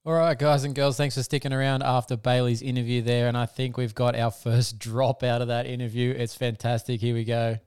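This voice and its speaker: A man's voice: medium pitch, level tone, a little fast, hardly any pauses, darkish tone, clean tone, dry recording, clean studio sound. An Australian man hosting a motorsport podcast, blunt and casual, laughing often and swearing freely. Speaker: podcast host.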